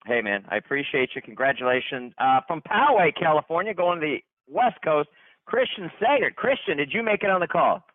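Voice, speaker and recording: A man hosting a company conference call, hyped and chatty, repeating himself and restarting sentences as he gives shout-outs. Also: on the high side, sing-song, fairly quick, no room sound. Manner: hyped, repetitive, stumbling restarts. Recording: tinny dry phone line.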